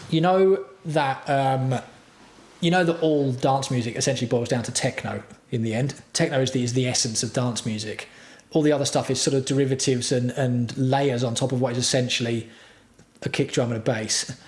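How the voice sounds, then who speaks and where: Male streamer, mid-pitched, sarcastic sweary rant, echoey room. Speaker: livestream host. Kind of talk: casual livestream rant.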